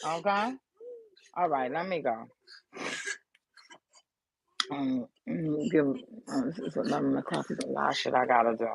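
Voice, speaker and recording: A vlogger speaks straight to camera in a loose, rambling way, swearing freely and drifting off the point. The voice sits at a middling pitch and sounds subdued and grieving. The recording is dry and close, with little room sound. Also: measured pace, creaky, pauses often, husky, dry recording, low-quality recording. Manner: rambling, loose and profane, loses track of the thought. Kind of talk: casual to-camera vlog talk.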